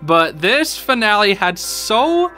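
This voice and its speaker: A man giving a casual, excited reaction to a show's episode, full of slang and calling the listener dude and bro, and a bit emotional about it. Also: high-pitched, slow, faint music behind. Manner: emotional, a little teary. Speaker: YouTube show reviewer.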